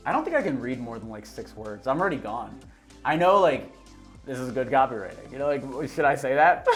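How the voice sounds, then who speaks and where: A man's voice: mid-range voice, big pitch swings, brisk, faint music behind. A man hosting his own video in a casual commentary style, playful and joking, often cutting himself off. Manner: playful, joking, self-interrupting. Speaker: YouTube host.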